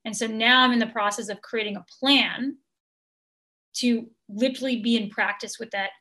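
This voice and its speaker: A woman coach answering an interview question in a gentle, measured, earnest way, with many ums. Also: fairly high pitch, steady tone.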